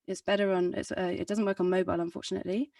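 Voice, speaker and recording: A woman's voice: mid-range voice, level tone, very fast, gravelly, darkish tone, dry recording, distant mic. A young adult woman, a singer and vocal coach, explaining in a rambling, chatty way with lots of fillers and self-corrections. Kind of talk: casual explanatory talk in a video interview.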